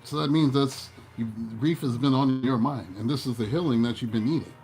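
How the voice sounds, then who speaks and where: A man giving a casual tarot reading, playful and animated, breaking into joking mock voices. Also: mid-range voice, fairly quick, faint music behind. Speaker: tarot reader.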